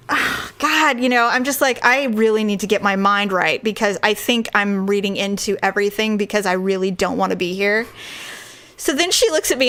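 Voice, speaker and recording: Animated storytelling woman, fairly high voice. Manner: animated, acts out quotes with voices, laughs often. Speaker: podcast co-host. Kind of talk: casual storytelling chat.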